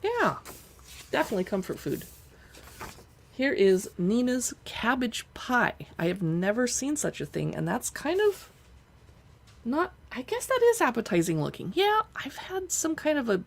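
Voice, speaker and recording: A woman live streaming as she pages through cookbooks, chatting casually and reading recipe lists aloud as she thinks out loud. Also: a little high, sing-song, normal speed, gravelly. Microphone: streaming setup.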